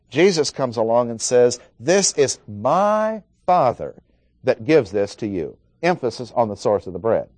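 A man's voice: medium pitch, a little mellow, no echo. A man preaching an expository Bible lesson, working through numbered points and reading scripture aloud.

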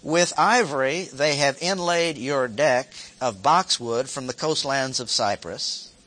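Reading scripture aloud, this man teaches a Bible lesson, stopping to unpack verses with brief asides and by repeating key phrases. He speaks at medium pitch with a slightly bright tone and a measured pace.

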